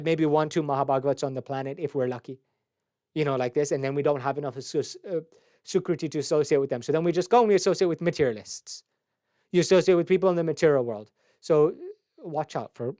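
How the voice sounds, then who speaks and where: A man's voice: on the high side, a little mellow, no echo, studio quality. A man giving a devotional class, impassioned and ranting at times, with many Sanskrit terms. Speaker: spiritual teacher.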